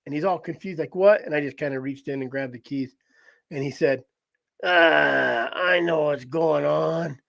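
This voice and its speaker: With a gravelly, medium-pitched voice at a moderate pace, this podcast host spins a story in relaxed conversation. He laughs a lot and animatedly performs the quoted lines of the people involved.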